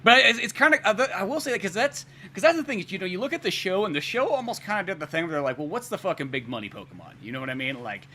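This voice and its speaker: A man's voice: high-pitched, sing-song, very fast, few pauses, pushed and bright. A young man co-hosting a podcast, chatting loosely with lots of fillers and swearing, acting out quotes from a comic. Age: young adult. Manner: loose and profane, many fillers, acts out quotes. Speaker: podcast co-host. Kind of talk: casual chat.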